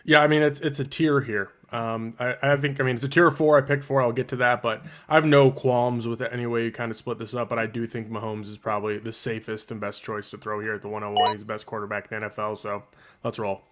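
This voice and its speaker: A man appearing as a guest on a podcast, relaxed and self-deprecating in casual chat. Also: mid-range voice, quick pace.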